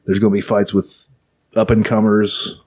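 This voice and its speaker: A man's voice: fairly low pitch, completely flat delivery, moderate pace, darkish tone, husky. A young man co-hosting a podcast in casual chat, telling loose, profane stories and slipping into quoted voices. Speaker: podcast co-host.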